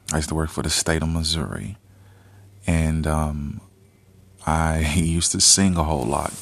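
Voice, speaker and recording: A man with a very low, gravelly voice tells a personal story in a relaxed, rambling way. He sounds close and dry, with no room echo, as if talking straight into the camera. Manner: laid-back, rambling, with lots of "you know" and "like". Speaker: host.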